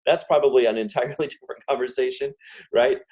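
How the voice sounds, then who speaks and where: A man giving a casual self-help talk on a video call. He talks fast and repeats example phrases over and over. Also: mid-range voice, a little mellow. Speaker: guest speaker.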